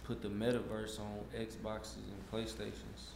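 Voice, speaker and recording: A man's voice: lowish voice, monotone, unhurried, gravelly, crowd noise, low-quality recording. A young man in casual conversation, laid-back and slangy. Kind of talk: casual chat.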